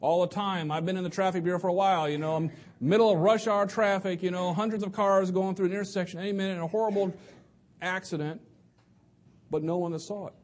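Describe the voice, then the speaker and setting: Man preacher, slightly high voice, casual sermon delivery, stumbles and repeats words, slows for quotes. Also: fairly even intonation. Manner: conversational, restarts and repeats words. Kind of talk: evening sermon to a congregation.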